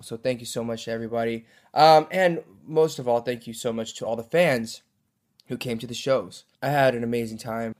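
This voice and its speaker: A young man hosting a podcast in an upbeat, chatty way. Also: mid-range voice. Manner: upbeat, chatty, lots of fillers. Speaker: podcast host. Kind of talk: casual podcast chat.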